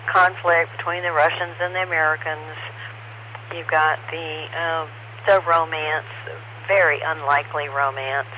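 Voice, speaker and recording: A woman's voice: on the low side, bright, forceful tone, low-quality recording. A woman on an amateur radio net, talking casually and giving blunt, mildly sarcastic opinions. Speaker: ham radio net participant. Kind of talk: casual on-air chat over radio. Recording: radio audio with faint hiss.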